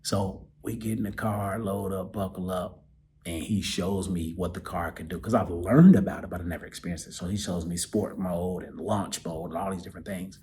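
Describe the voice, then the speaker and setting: Deep-voiced male podcast host, personal storyteller, swings from lively to soft and choked up. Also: moderate pace, slight background noise. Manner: animated, emotional, drops to soft near-whispers. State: choked up, close to tears.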